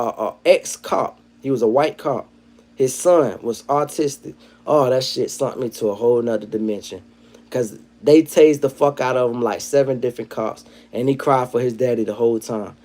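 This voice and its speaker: A man hosting a livestream, telling stories in a profane, animated commentary style and breaking into acted quotes. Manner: animated, profane storytelling, jumps into high-pitched acted quotes. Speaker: livestream host.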